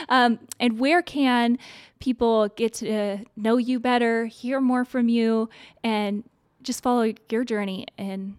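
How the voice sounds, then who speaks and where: A woman hosts an interview and talks in an enthusiastic, gushing way. Her voice sits a little high, and the recording is dry and close. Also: steady tone, a little mellow, clear, resonant tone, dry recording. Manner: enthusiastic, gushing, quick to laugh. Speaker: interview host. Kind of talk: casual interview chat.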